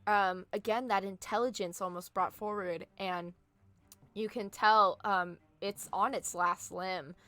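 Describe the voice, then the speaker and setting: A woman's voice: mid-range voice, steady tone, measured pace, bright, forceful tone, dry recording. A woman narrating as game master of a tabletop game, descriptive and full of fillers. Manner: descriptive, filler-heavy, laughs easily.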